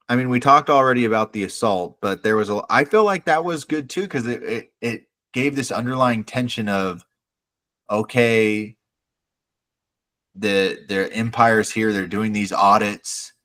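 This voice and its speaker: A man co-hosting a podcast in casual chat, animated, acting out characters' lines. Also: mid-range voice, a little slow. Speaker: podcast co-host.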